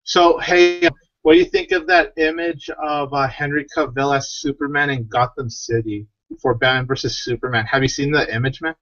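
A man's voice: medium pitch, steady tone, normal speed, a bit bright, no echo. A man co-hosting a casual livestream, reading out viewers' questions and chatting. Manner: reads viewer questions aloud. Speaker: livestream co-host. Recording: dull lo-fi stream audio.

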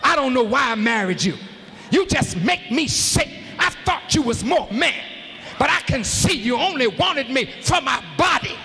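A woman's voice: sits high, expressive, moderate pace, pushed and bright, faint music behind, full character voice. A man, preaching in a large arena, voicing a bossy wife who talks down to her idle husband in an offhand, drawling way. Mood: scornful. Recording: live arena hall with faint crowd noise.

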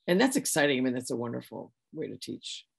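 A woman's voice: extremely low pitch, big pitch swings, fast talker, gravelly, slightly rough. A middle-aged American woman, a director of education talking as a guest, speaking with enthusiasm and often restarting her phrases. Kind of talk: conversational interview.

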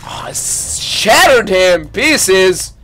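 High, bright excitable male streamer. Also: takes it slowly. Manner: excitable, loud exclamations and swearing. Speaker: gaming streamer. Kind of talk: live gameplay commentary.

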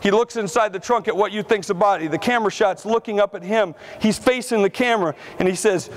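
A man giving a conference keynote on stage, telling stories in a brash, punchy way and bursting into shouts. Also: sits high, fast, few pauses. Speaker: keynote speaker. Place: conference hall before a live audience.

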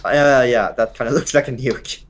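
A young man, a game developer judging player builds in casual gameplay commentary, easygoing and quick to laugh. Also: medium pitch, a little hiss or hum. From Sweden.

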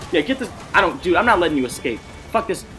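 A man streaming an online game, giving excited, profane play-by-play commentary and trash-talking the enemy team from his desk mic. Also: high voice, a little fast. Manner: trash-talking, profane, hyped, swings between mutters and shouts. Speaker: gameplay streamer. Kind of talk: excited live gameplay commentary. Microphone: desk mic at a gaming setup.

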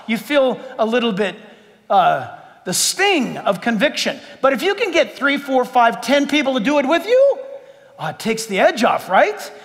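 A middle-aged male pastor preaching a sermon with passion, rising to shouts at the high points. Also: gravelly, long reverb tail.

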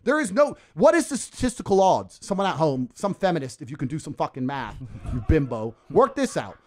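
A man ranting as a podcast guest in a forceful, profane, emphatic way. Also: a little high, big pitch swings, fairly quick. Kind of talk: ranting casual talk.

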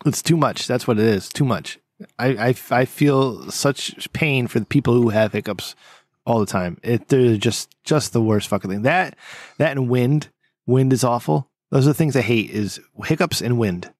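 A man trades crude banter on a podcast, rambling and swearing freely. His voice sits at a middle pitch. The sound is dry and close, with no room around it. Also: normal speed, no echo. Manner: rambling, profane, breaks into big laughs. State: drinking. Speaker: podcast co-host.

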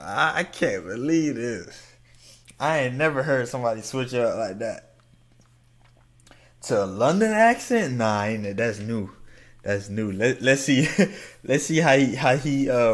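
A man hosting a reaction video, laughing often and repeating the lines he hears back in excitement. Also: mid-range voice. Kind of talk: casual reaction commentary.

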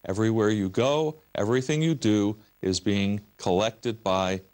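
A man's voice: fairly low pitch, normal speed, darkish tone. An American man speaking as a guest in a broadcast studio interview. He argues passionately and emphatically. He stacks up examples and repeats words to drive each point home. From United States. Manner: passionate, emphatic, builds lists for effect. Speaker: interview guest, religious liberty advocate.

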